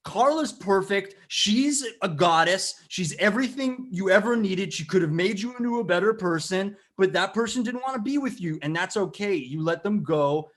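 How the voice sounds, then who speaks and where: In an improvised comedy bit, a man plays a boastful, lovesick captain running a casino on a cruise ship, talking brashly, calling everyone brother, and swinging into mopey sulks. His voice sits high and fairly bright, with lively intonation, a moderate pace and hardly any pauses.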